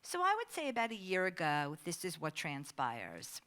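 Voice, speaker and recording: Lively, bright-voiced woman telling a story. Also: on the low side, normal speed. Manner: animated storyteller, laughs often. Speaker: advocacy staff speaker. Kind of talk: conversational presentation with personal story.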